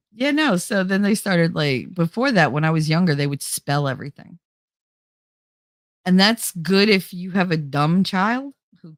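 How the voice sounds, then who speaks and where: A middle-aged woman hosting a livestream, telling family stories in a casual, animated way and acting out her relatives' voices with frequent laughter. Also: fairly low pitch, no echo. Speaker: livestream host. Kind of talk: casual storytelling chat.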